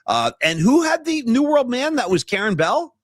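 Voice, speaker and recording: A man in his fifties hosting a sports talk podcast, telling stories in a casual, animated way. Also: very high-pitched, moderate pace, no room sound, clean studio sound. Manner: animated storyteller, mimics guests. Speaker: podcast host.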